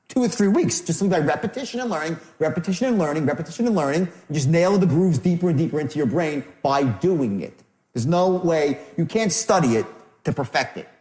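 A man's voice: a little high, a little mellow. A man running a live sales training seminar, acting out customer and salesman lines with shifting tone. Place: seminar room. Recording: echoey room.

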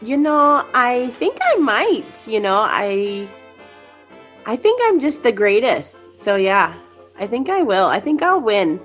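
A woman's voice: on the high side, lively intonation, fairly bright tone, highs cut off, soft background music. Woman doing a boastful folksy politician. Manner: drawn-out, giggly delivery. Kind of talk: comedic impression sketch.

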